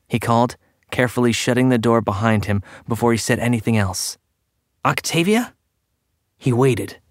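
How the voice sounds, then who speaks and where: A man's voice: medium pitch, dry recording. Man narrating a story, dry close sound. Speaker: audiobook narrator. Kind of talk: scripted narration.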